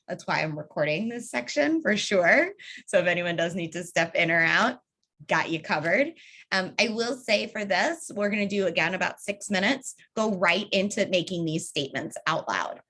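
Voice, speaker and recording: A woman's voice: mid-range voice, bright, forceful tone. Upbeat woman leading a training session. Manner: upbeat, conversational, addresses group as y'all.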